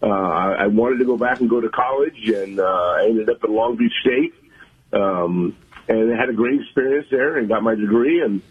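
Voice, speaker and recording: A man's voice: on the low side, slightly rough. Older man on a tinny phone line. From California Central Coast. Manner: halting, many fillers, folksy. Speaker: guest. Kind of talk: phone-in radio interview.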